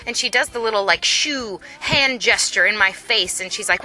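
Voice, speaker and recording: A woman casually telling a long story, acting out the people in it with lively voices. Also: mid-range voice, fast, hardly any pauses, soft background music. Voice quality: animated, acts out the people in her story.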